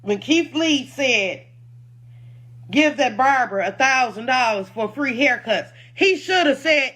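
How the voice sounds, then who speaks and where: A woman's voice: high voice, lively intonation, slow, bright, forceful tone. A woman who owns a food truck, defending herself in an emotional, indignant personal statement and repeating points for emphasis.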